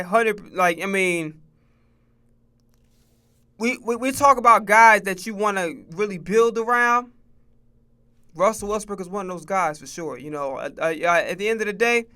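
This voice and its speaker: Guy streaming sports takes, high bright voice, cussing, laughing, stumbling over words. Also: clean tone. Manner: profane, laughing, stammering repeats. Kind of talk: casual sports reaction talk.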